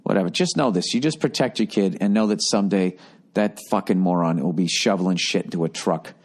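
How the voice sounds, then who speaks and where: Male podcast host, lowish voice, blunt and sweary comic advice, sarcastic delivery. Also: fairly quick. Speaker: podcast host reading listener letters. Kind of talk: comedic advice rant.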